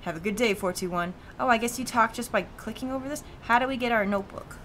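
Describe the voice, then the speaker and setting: A woman's voice: fairly high pitch, fast, a bit bright, slight background noise. Chatty woman streamer reading game lines. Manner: chatty, swears freely, laughs often. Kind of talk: casual let's-play commentary, voicing game dialogue.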